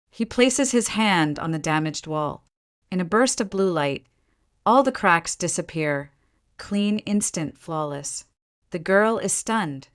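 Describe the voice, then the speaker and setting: A woman's voice: fairly low pitch, unhurried. A woman narrating a comic story recap in a scripted storytelling style, reading all the characters' lines herself. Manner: even storytelling, voices every character lightly.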